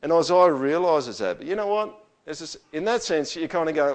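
A man preaching a sermon to a congregation in a conversational style, turning animated as he acts out quotes. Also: on the high side, moderate pace, hardly any pauses. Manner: conversational, animated when quoting. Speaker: pastor.

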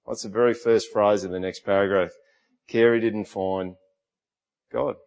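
A man's voice: on the low side, steady tone, unhurried, gravelly, a little mellow. Conversational Australian preacher, middle-aged man. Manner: conversational, with frequent rhetorical questions to the congregation. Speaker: pastor. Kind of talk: sermon.

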